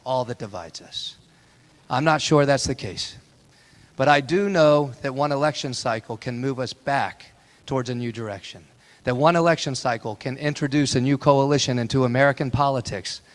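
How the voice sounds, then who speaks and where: A man's voice: medium pitch, moderate pace. Impassioned man giving a campaign speech. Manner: impassioned, folksy storytelling with repeated rhetorical lines. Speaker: political candidate. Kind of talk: town hall campaign speech. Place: town hall meeting room.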